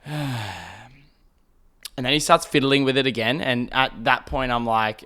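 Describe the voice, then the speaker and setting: A man's voice: medium pitch, fairly even intonation, measured pace, pauses often, sharp tone, clean tone. Rambling, swearing Australian man. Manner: rambling, swears often, acts out quotes. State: throat irritated by smoke. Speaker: podcast host. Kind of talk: casual storytelling monologue.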